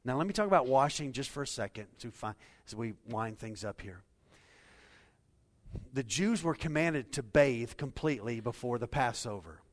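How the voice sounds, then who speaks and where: A man's voice: medium pitch, animated, moderate pace. A man preaching a sermon to a congregation, speaking earnestly and asking his listeners rhetorical questions. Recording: long hall reverb.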